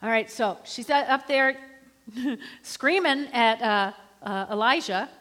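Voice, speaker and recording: A middle-aged woman preaching a sermon in an animated, conversational way, often calling for the congregation to respond. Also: on the high side, slow. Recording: reverberant hall.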